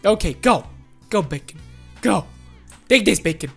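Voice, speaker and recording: A woman hosting a gaming channel, giving excitable, playful let's-play commentary with frequent laughs and shouts. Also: medium pitch, unhurried, creaky, slightly rough, soft background music.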